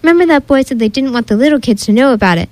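A curious, sensible young girl from a storybook, quick with her questions and bright in pitch, as a woman reader voices her. The reading is dry and close. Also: lively intonation, dry recording.

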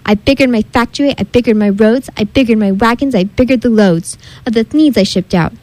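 A woman's voice: on the high side, fairly quick, darkish tone, no echo, poor audio. A woman reading a rhyming storybook aloud with a rhythmic, sing-song delivery. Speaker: reader. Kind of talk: storybook read-aloud in rhyme.

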